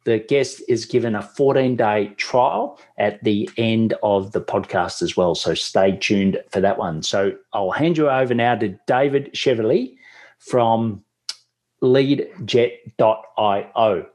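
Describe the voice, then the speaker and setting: A man's voice: on the low side, slow, darkish tone. A man with an Australian accent hosting a podcast in a chatty, enthusiastic way. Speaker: podcast host.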